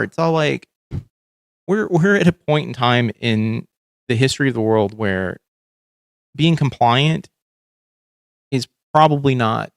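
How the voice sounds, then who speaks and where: A man's voice: medium pitch, lively intonation, unhurried, creaky, long pauses, no room sound, clean studio sound. Profane, rambling man hosting a livestream. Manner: profane, rambling with many fillers and restarts. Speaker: livestream host. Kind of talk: casual political chat.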